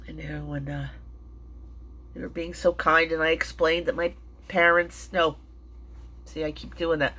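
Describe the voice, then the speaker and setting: A middle-aged woman telling an emotional personal story, halting, with many fillers and restarts, and sounding tearful and shaken. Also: sits low, little pitch movement, pushed and bright. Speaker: vlogger and mindfulness teacher.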